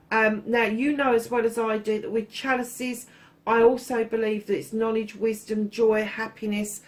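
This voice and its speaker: A woman giving a casual tarot reading to her viewers, blunt and frank, swearing freely and calling listeners darling. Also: medium pitch. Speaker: tarot reader.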